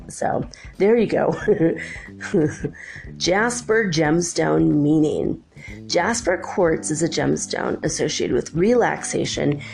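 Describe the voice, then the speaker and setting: A woman's voice: sits low, gravelly, darkish tone. A middle-aged woman hosting a spiritual talk show, telling a long story in a chatty, casual way, acting out what others said and laughing often. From California. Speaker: podcast host.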